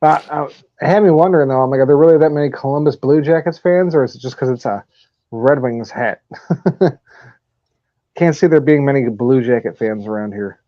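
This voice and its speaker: A man's voice: mid-range voice, brisk, no echo. A man hosting a sports picks podcast in a casual, profane style, laughing often while he tells stories. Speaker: podcast host running weekly picks. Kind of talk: casual chat. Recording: dull lo-fi audio.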